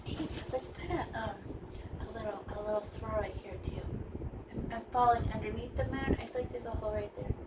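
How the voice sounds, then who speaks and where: A woman's voice: a little high, fairly even intonation, a little fast, far from the mic, heavy background noise. A woman teaching a painting lesson in a chatty, playful way, talking through every brushstroke. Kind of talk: casual painting tutorial.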